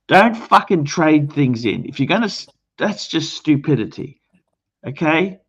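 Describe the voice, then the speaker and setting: A man's voice: medium pitch, dull audio. A man hosting a livestream who gives blunt, bossy advice, swears often and restarts his sentences. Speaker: livestream host. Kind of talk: casual livestream chat.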